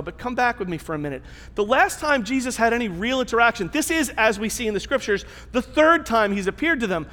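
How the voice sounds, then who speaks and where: A man's voice: very high-pitched, a bit bright. A man giving a casual, chatty sermon and asking his listeners questions. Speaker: pastor. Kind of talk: conversational sermon. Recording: long reverb in a large hall.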